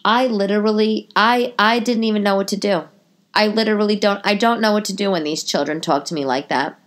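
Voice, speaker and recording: A woman in her forties with a stuffy nose, talking casually to her podcast listeners at home as a comedian host, rambling through tangents and self-corrections, her voice jumping up in pitch for emphasis. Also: a little fast. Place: living room at home.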